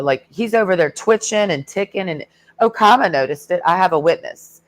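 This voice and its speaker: A woman's voice: fairly low pitch, lively intonation, a little fast. A woman ranting in a heated, sarcastic and profane way in a casual vlog. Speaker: vlogger. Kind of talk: casual rant.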